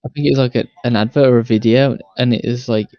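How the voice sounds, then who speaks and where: A man's voice: mid-range voice, fairly even intonation, fast, dry recording, muffled recording. A man co-hosting a podcast over a remote call, laid-back and laughing along with short replies. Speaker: podcast co-host. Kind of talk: casual chat.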